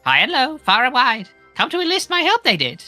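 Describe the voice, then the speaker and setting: A woman's voice: high-pitched, huge pitch swings, a little fast, bright, forceful tone, dry recording, soft background music, full character voice. A woman voicing a shifty, cowardly male informant who keeps fawning with "yes, yes" while reading game dialogue with friends. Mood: wheedling. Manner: wheedling, repeats "yes, yes".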